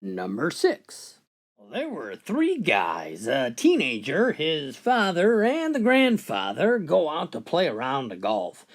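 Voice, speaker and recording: A man's voice: a little high, wildly swooping pitch, takes it slowly. A man telling jokes in a laid-back, folksy way, starting sentences with "well". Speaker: joke teller. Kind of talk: storytelling jokes.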